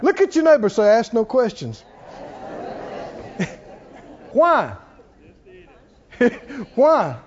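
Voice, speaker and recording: A preacher man delivers a sermon in a high, lively voice that swoops up and down. He's folksy and keeps laughing, dropping into low mock voices to play people. The recording sounds dull and lo-fi. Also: very slow, long pauses, a faint crowd.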